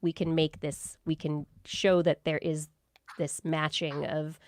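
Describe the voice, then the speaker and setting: A woman's voice: low-pitched, little pitch movement, unhurried, darkish tone, dry recording, studio quality. A woman co-hosting a science podcast, explaining a new study in casual talk with many fillers and restarts. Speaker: podcast co-host.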